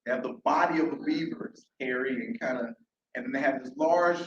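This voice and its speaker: A man telling an animated story live to an audience, repeating phrases and asking the crowd questions. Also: medium pitch, brisk, a little hiss or hum. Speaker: storyteller at an open mic. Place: large room at a library event. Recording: echoey, dull, from far off.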